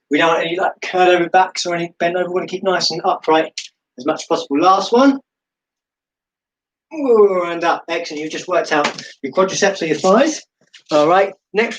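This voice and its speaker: A man's voice: a little high, low-quality recording. A man leading a live-streamed seated and standing exercise class from his home, giving encouraging step-by-step cues with chatty, self-deprecating asides. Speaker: fitness instructor.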